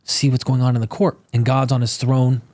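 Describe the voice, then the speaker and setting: A man speaking as a podcast guest, telling stories with fervent emphasis and quick bursts of conviction. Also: mid-range voice, little pitch movement, darkish tone, no room sound. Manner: fervent, emphatic, acts out quoted people. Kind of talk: impassioned conversational storytelling.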